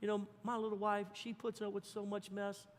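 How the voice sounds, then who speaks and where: A man preaching a sermon as pastor, telling stories with big swings from loud to hushed. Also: sits high, completely flat delivery, a little fast. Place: church sanctuary. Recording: long hall reverb.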